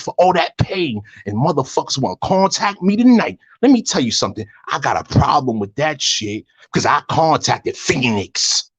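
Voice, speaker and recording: A man's voice: on the high side, a bit bright, husky, dry recording. A man on a heated live-stream call, ranting, repeating himself and swearing constantly. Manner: profane, heated, repetitive ranting. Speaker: guest on a live online panel.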